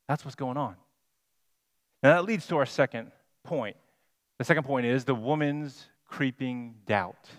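A male pastor preaches in a mid-range voice, deliberate and emphatic, leaning hard on single words. A long hall reverb trails after everything he says.

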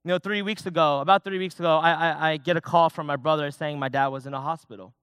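Young male youth pastor, conversational sermon delivery; smooth, resonant voice, dry close recording. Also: a little high, fairly even intonation, quick pace, fairly bright tone, no echo. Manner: personal, conversational preaching with many restarts and fillers.

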